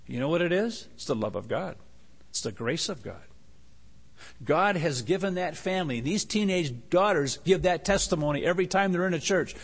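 A man preaching a sermon as pastor. He is emphatic, repeats key phrases and asks rhetorical questions. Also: high-pitched. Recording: long hall reverb.

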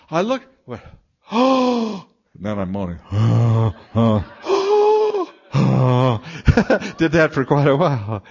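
An older man delivers a storytelling sermon in a chatty, self-mocking way. His voice sits at a middling pitch but leaps around expressively. The recording is a bit dull and lo-fi. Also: breathy edge. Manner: chatty, self-mocking, acts out moans and laughs. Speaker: guest preacher and Bible teacher.

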